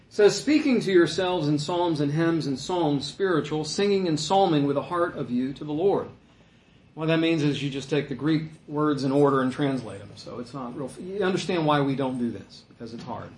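A man preaching with animation, firing questions and answering them, then reading scripture aloud. His voice sits a little high for a man. The room gives it a clear echo. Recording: echoey room.

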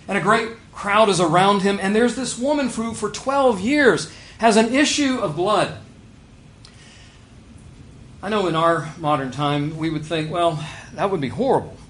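A man preaching a sermon, swinging between loud emphasis and quiet asides and asking his listeners rhetorical questions. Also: fairly high pitch.

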